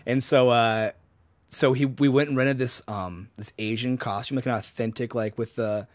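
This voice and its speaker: A man's voice: mid-range voice, fairly even intonation, normal speed, dry recording. A young man, a guest comedian, telling a rambling story with lots of "like" and laughing often. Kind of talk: casual storytelling.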